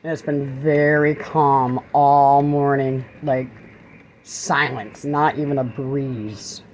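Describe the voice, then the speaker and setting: A woman's voice: extremely low pitch, steady tone, slow pace, darkish tone, low-quality recording. A woman, vlogging casually from her RV during a storm and soothing her pets as gusts hit. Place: in an RV during a windstorm. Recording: wind and rain noise behind.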